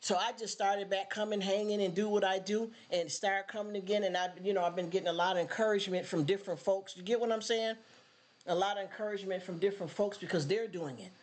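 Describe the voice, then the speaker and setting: A woman chatting casually to viewers on a livestream, rambling and earnest, often turning to ask if they follow her. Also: mid-range voice. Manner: emotional, near tears when thanking viewers.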